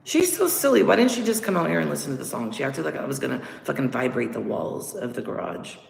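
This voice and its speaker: A woman's voice: extremely low pitch, animated, quick pace, creaky. A woman with a sore throat making crude, teasing wisecracks in casual chat. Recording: echoey room with faint noise.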